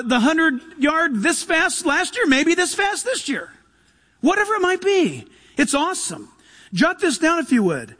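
A man preaching an animated sermon, acting out quoted voices and saying "listen" often. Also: very high-pitched. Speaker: pastor. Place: church.

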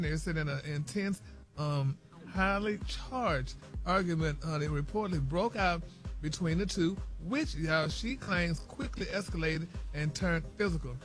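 A man reporting celebrity gossip on a radio morning show, in a slow, whispery, tiptoeing delivery and constantly sprinkling in endearments. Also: a little high. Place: radio studio.

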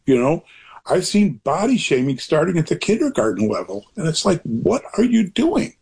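A man's voice: fairly high pitch, sing-song, normal speed, vocal fry, darkish tone, breathy edge. An older man, a grandfather, speaking as an author guest in a casual interview, rambling and reflective with many restarts.

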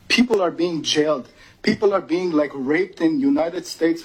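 Husky man from Iran, impassioned. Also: on the high side, darkish tone, poor audio. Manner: urgent, emotional, repeating himself. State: near tears. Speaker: public commenter at a meeting. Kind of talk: impassioned public comment.

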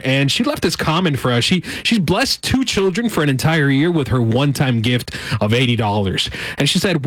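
Upbeat persuasive man with a higher voice. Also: a bit bright, no room sound. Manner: upbeat, persuasive, repeats the number slowly. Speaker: charity representative on air. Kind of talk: fundraising appeal.

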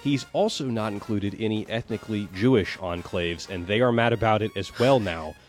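A man co-hosting a show, going through trending news topics in a low-key, matter-of-fact way. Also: moderate pace, faint music behind. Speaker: co-host presenting trending topics. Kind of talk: casual news rundown.

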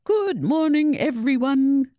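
A woman voicing a cheery male school headmaster making a loud announcement over the school PA, pitched up. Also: big pitch swings, takes it slowly, no echo, phone-quality sound, heavily acted.

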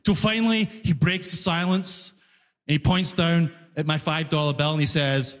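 A young man performing a stand-up comedy set, telling an animated story and loudly acting out his own frustration. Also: on the high side, moderate pace, long reverb tail. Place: comedy club stage before a live audience.

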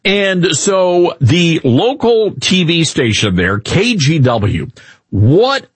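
A Southern-accented man hosting talk radio, with a lively, swooping delivery and a slightly husky edge. He talks in a casual, mocking way, with a dry, close studio sound. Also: fairly high pitch, takes it slowly, dry recording. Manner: animated, mocking, puts on exaggerated drawls. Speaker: radio talk show host.

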